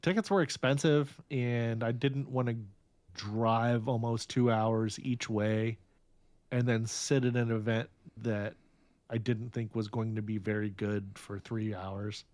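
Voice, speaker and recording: A man's voice: medium pitch, fairly even intonation, measured pace, a little mellow, dry recording. A man co-hosting a podcast, talking in a plain, matter-of-fact way. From United States. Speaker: podcast co-host. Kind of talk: casual chat.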